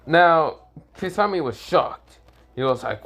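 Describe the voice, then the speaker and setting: A man's voice: mid-range voice, animated, unhurried. A man at home telling an improvised fan story in a casual, rambling way, swearing often and correcting himself. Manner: rambling, profane, self-correcting.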